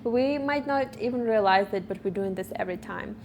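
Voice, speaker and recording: A woman's voice: fairly high pitch, fairly quick, darkish tone, slight background noise. A woman in her twenties talking to the camera for her vlog, thoughtful and often searching for her words. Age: 20s. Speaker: vlogger. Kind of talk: reflective talk to camera. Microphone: camera recording.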